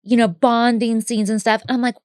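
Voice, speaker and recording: A woman's voice: a little high, little pitch movement, brisk, a little mellow, clean tone, dry recording, studio quality. A middle-aged woman co-hosting a podcast, telling stories in a rambling, casual way full of "like". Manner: rambling, heavy use of "like". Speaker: podcast co-host. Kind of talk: casual chat.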